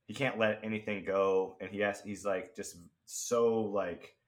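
A man co-hosts a film podcast in casual chat. His voice sits a little low, and he talks in halting, stop-start bursts while venting. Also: steady tone. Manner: halting, many fillers and restarts, ranting. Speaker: podcast co-host.

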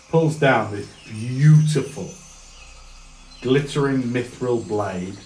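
Game master in an echoey room. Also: male voice, medium pitch, measured pace, pauses often. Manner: relaxed, joking narration. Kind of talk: narrating a tabletop game.

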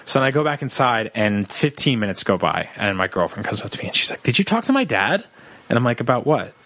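Animated young man telling a story, dry sound. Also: lowish voice, quick pace, no echo. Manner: animated storyteller, acts out quoted voices. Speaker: podcast co-host. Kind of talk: casual comedy podcast storytelling.

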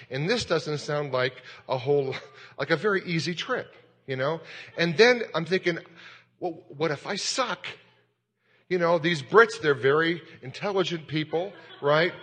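A man's voice: on the high side, a bit bright, in a large hall. A man, a pastor, giving a sermon in a candid, self-deprecating and rambling way.

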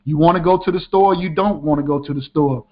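A man's voice: on the high side, quick pace. A male preacher giving a sermon, emphatic and repeating his key lines for the listeners. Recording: dull lo-fi sound.

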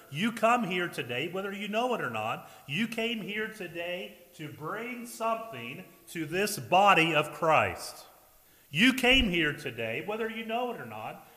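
Pastor guy preaching, kinda high bright voice, goes loud then quiet, church reverb all around. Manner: earnest preaching, swings between loud emphasis and quiet asides. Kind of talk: sermon. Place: church sanctuary.

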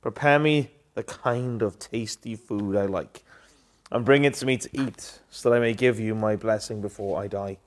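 A man reading the lines of an old, blind male patriarch nearing death, in a plain, steady voice during a live scripture reading. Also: on the low side, normal speed, lightly acted. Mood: earnest.

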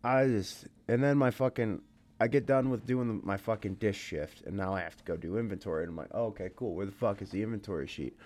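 A man's voice: fairly low pitch, quick pace, a little mellow. A tired man co-hosting a casual podcast. He swears freely and fills his talk with "dude" and "like.". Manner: profane, says "dude" and "like" a lot. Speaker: podcast co-host. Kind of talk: casual chat.

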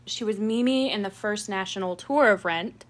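A woman's voice: mid-range voice, moderate pace. A woman co-hosting a podcast in casual chat, rambling through stories and laughing often. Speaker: podcast co-host.

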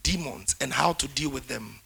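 A man preaching a sermon, emphatic, with declarations that rise loud toward the end. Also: medium pitch, normal speed, creaky, slight background noise.

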